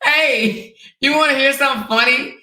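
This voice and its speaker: A woman's voice: high voice, moderate pace, bright, forceful tone, echoey room. A woman hosting her own channel, chatting bluntly and profanely and laughing often as she comments to her viewers. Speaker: channel host. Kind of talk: casual live-stream commentary.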